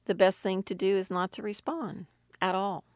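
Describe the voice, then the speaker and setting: A woman's voice: mid-range voice, flat delivery, normal speed, darkish tone, no room sound, clean studio sound. A woman who grew up in Sicily, giving an earnest devotional talk and reading scripture aloud. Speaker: Christian speaker. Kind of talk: devotional teaching.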